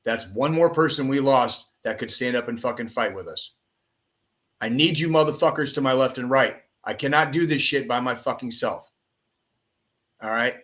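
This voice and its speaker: A man's voice: mid-range voice, a bit bright. Profane, emphatic male podcast host. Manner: profane, emphatic, repeats "okay?" and "all right?". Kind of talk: impassioned podcast monologue.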